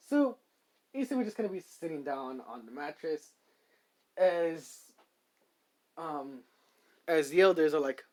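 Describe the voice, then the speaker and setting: A man's voice: a little high, lively intonation, unhurried, long pauses, a little mellow. Casual male storyteller, rambling improvised narration. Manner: rambling, many fillers and hedges.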